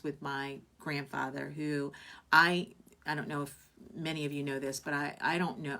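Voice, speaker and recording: A woman with a low voice hosts a casual live-stream chat and reads viewer comments aloud. She talks in a heartfelt, meandering way, restarting sentences and filling pauses with "um" and "you know.". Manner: warm, heartfelt, rambling with many fillers and restarts. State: tearful at moments. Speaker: host of a live online show.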